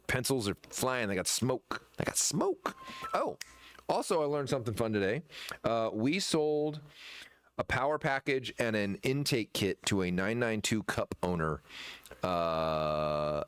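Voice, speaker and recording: Man chatting casually, halting and rambling. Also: fairly low pitch, clear, resonant tone, no room sound. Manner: rambling, halting with many fillers and restarts. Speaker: shop owner presenting merchandise. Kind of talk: casual chat.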